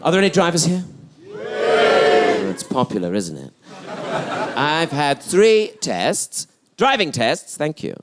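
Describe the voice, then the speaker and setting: A man's voice: on the high side, wildly swooping pitch, takes it slowly, pauses often, a loud crowd. A man doing stand-up storytelling, camp and arch with spiteful asides. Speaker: stand-up comedian. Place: comedy venue stage. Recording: noisy live club recording.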